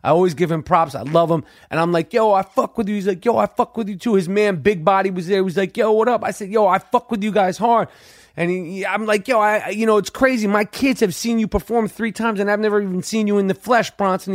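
A fairly high-voiced middle-aged man tells a wild story with heavy profanity, repeating phrases as he builds excitement. The recording is dry and close, with no room sound. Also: no room sound. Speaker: podcast host. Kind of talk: casual storytelling monologue.

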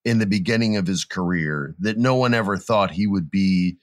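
A man with a fairly low voice talks casually, swinging into animated bits where he acts out what people said. He tells stories with energy and a chatty rhythm. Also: moderate pace, no echo, studio quality. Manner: animated storyteller, acts out quotes in jumpy voices. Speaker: podcast co-host. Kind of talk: casual chat.

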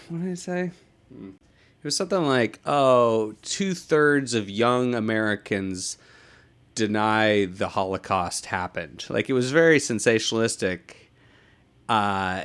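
A young man hosting a podcast, rambling through a casual comedic monologue with sardonic asides, chuckles and profanity. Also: on the low side. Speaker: podcast host.

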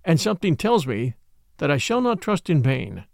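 Gravelly-voiced male audiobook narrator. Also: fairly high pitch, big pitch swings, moderate pace, dry recording, clean studio sound. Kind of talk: dramatic first-person narration.

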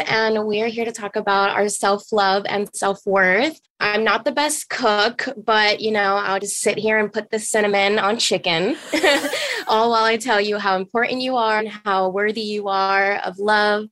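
A woman's voice: mid-range voice, a little slow, fairly bright tone, no room sound, close to an everyday voice. A woman doing a bubbly celebrity influencer. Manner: bubbly, giggly. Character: upbeat celebrity woman self-love influencer. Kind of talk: improvised impression.

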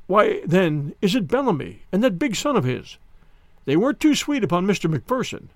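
A man's voice: high-pitched, big pitch swings, moderate pace, no echo. A man voicing a doubtful, eager middle-aged police inspector who keeps probing with questions in a storybook.

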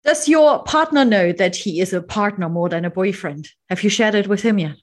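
A woman's voice: medium pitch, moderate pace. A woman hosting a podcast, talking casually in an agreeable, reflective way. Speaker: podcast host. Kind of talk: casual interview chat.

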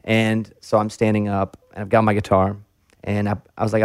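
A man hosting a podcast, asking relaxed questions and joking with his guest in casual chat. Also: lowish voice, brisk, smooth, no room sound. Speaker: podcast host.

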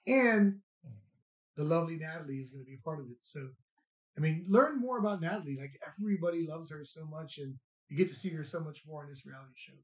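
A man's voice: fairly high pitch, expressive, fast. Laid-back man, roomy echo. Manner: laid-back, laughing, rambling with restarts. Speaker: toy shop owner. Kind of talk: casual interview chat. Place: in a toy store. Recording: roomy echo, dull lo-fi sound.

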